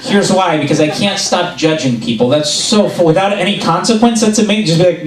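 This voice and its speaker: A man performing a stand-up comedy set, telling stories in an animated way and acting out what people said. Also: on the high side, moderate pace, over a noisy crowd. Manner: animated storytelling, acts out quotes. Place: club stage before a laughing audience. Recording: roomy live club recording, mic at a distance.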